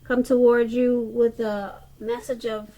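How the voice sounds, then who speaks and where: A woman's voice: on the high side, level tone, a little slow, mellow, poor audio. A woman giving a casual tarot reading, chatty and loose, often restarting sentences and saying "okay". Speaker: tarot reader.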